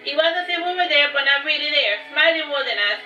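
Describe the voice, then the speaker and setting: A woman's voice: sits high, fast. Woman reading her fantasy story aloud. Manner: steady reading with frequent restarts. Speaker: author. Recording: roomy, distant, dull recording with faint music.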